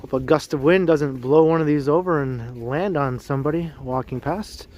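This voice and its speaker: Man from canada, livestream host, slightly high voice, chatty and laughing, outdoors on a snowy street, faint street ambience. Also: normal speed, darkish tone, slight background noise. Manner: chatty, greets viewers by name, laughs often. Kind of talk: casual walking livestream chat.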